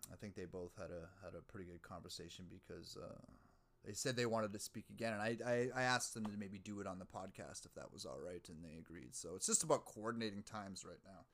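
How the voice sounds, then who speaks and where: A man hosting his own podcast, rambling casually and profanely, musing aloud and mocking himself. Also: low voice. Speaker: podcast host.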